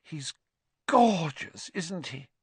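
A man's voice: fairly high pitch, huge pitch swings, a little slow, a bit bright, husky, dry recording, voice pushed up, exaggerated voice. A man voicing an earnest, bossy teenage witch girl who sounds prim and coaxing. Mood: adoring.

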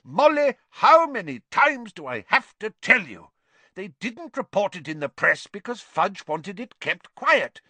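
A man's voice: on the high side, bright, forceful tone, husky, no room sound, voice pushed up, full character voice. A man voicing a worried, insistent middle-aged father in an audiobook reading, speaking urgently and emphatically.

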